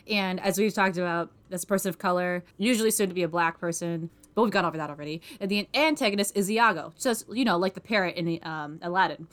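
A young woman co-hosts a casual podcast and talks in a loose, rambling way. She leans on fillers and pokes fun at herself, and her pitch sits in an ordinary middle range. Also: a bit bright. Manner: rambling, filler-heavy, self-deprecating. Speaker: podcast co-host.

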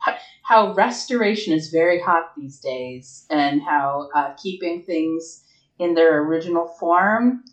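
A woman playing a tabletop game in character, earnest and playful, with a halting manner. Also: medium pitch, rough recording. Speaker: player.

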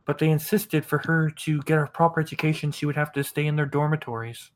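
A man's voice: fairly high pitch, little pitch movement, quick pace, close to an everyday voice. A man voicing a polite middle-aged farmer who talks with homely, slightly hesitant courtesy about his family. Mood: proud homely.

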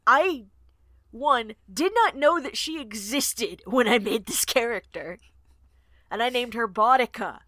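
A woman's voice: fairly high pitch, animated, measured pace, bright, forceful tone, no room sound. A woman co-hosting a casual book-club podcast, rambling and self-deprecating. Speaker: podcast co-host.

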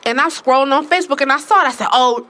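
A woman's voice: sits high, fast talker, bright, forceful tone. A woman co-hosting a casual talk show, blunt and profane, who repeats her phrases for emphasis. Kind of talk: casual conversation.

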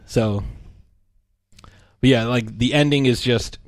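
A man co-hosting a podcast, retelling a movie scene in a casual, animated way with some swearing. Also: medium pitch, slow pace, pauses often. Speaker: podcast co-host.

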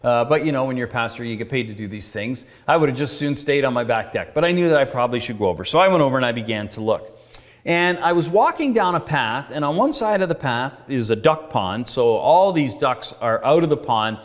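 Pastor preaching in a reverberant hall. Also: male voice, medium pitch, animated, fairly quick. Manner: earnest, conversational, acts out dialogue. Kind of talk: sermon storytelling. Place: church sanctuary.

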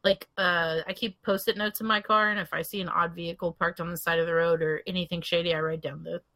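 A woman's voice: lowish voice, flat delivery, quick pace, pushed and bright. A woman co-hosting a true-crime podcast who reacts bluntly and swears freely, talking over a remote call. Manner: blunt, profane, fired-up reactions. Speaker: podcast co-host.

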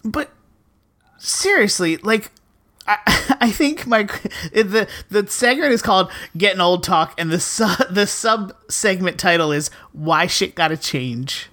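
A woman's voice: mid-range voice, lively intonation, measured pace, fairly bright tone. A woman co-hosting a podcast in casual chat, complaining and swearing with sarcastic humor. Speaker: podcast co-host.

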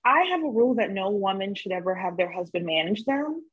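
Brief: female podcast co-host, husky, animated, laughs easily. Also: mid-range voice, a little fast, muffled recording. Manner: animated, laughing, emphatic agreement. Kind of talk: casual chat.

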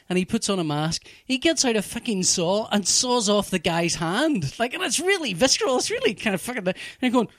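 A man telling a TV plot in casual chat, animated and profane, full of restarts. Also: sits high, brisk, few pauses, no room sound, clean studio sound. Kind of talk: casual chat, recapping a TV show.

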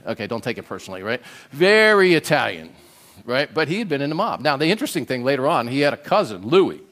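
An older man preaching a sermon in an animated storytelling way, often checking in with "right?". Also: mid-range voice, racing. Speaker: pastor.

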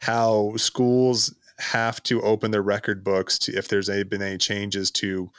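A man's voice: on the low side, level tone, unhurried, a bit bright, clear, resonant tone, dry recording, studio quality. A man co-hosting a podcast who speaks in an exasperated, sarcastic way. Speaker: podcast co-host. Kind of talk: casual political chat.

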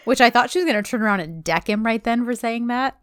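A woman's voice: on the high side, quick pace, no echo, studio quality. A woman co-hosting a casual podcast, recapping a TV episode and pointing out plot holes. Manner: chatty storyteller, picks at plot holes. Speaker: podcast co-host recapping a TV series. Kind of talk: casual chat.

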